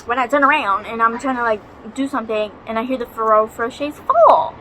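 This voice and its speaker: A woman's voice: fairly high pitch, animated, a little fast, pushed and bright, a little hiss or hum, poor audio. A young woman vlogging at home, telling a ghost story in a chatty, dramatic way and swearing freely. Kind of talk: casual storytelling vlog. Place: home, near a balcony.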